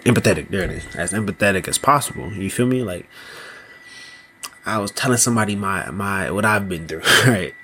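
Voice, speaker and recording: A man hosting a solo podcast, talking slowly and loosely, often asking "you know what I mean". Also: on the low side, a bit bright, slight background noise. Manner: slow, thoughtful delivery with small laughs. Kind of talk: casual solo podcast monologue.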